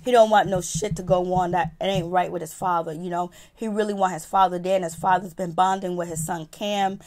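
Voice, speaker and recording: A woman reviewing a reality TV episode in a profane, animated, casual storytelling style. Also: lowish voice, a little fast. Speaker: TV show reviewer.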